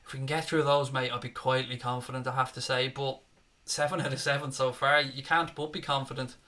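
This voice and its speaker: A man's voice: medium pitch, little pitch movement, brisk, sharp tone. Chatty man hosting a live stream. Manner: chatty, matey, jokey, says "mate" often. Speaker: host of a live football watchalong. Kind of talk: casual live-stream chat reading viewer comments.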